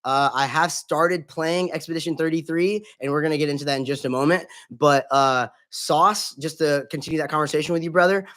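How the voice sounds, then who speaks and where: A man's voice: on the high side, brisk, few pauses, a bit bright. A man hosting a casual gaming live stream, chatting in an upbeat, chummy way, greeting viewers by name and swearing casually.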